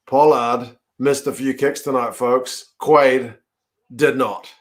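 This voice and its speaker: A man hosting a live rugby watch-along from home, commentating on the match, chatting with viewers, and yelling at the TV in excitement. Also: mid-range voice, takes it slowly, a little hiss or hum. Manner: excitable, yells at the screen, chats with viewers. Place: home, in front of a TV.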